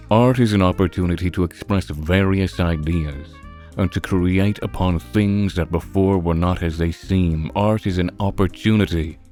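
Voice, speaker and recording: A man's voice: low voice, dark tone. A man delivering an impassioned, opinionated critique of a film, earnest and ranting. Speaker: video reviewer.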